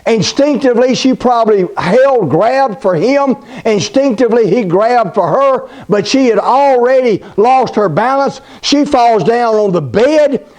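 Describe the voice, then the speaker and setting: Male preacher, high voice, folksy dramatic sermon storytelling. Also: animated, measured pace, few pauses, a little mellow. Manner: folksy, dramatic, addresses listeners as buddy.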